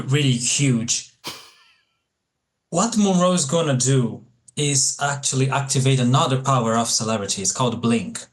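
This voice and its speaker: A man playing a tabletop game, thinking aloud deliberately and filling pauses with fillers. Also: mid-range voice. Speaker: player.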